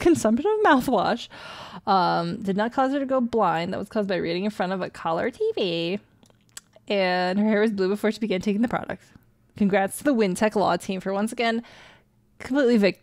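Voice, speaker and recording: A woman's voice: mid-range voice, gravelly, darkish tone, dry recording. A woman streaming a game, reading jokes and emails aloud with frequent giggles and playful voices. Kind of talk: casual let's play commentary, reading in-game emails aloud.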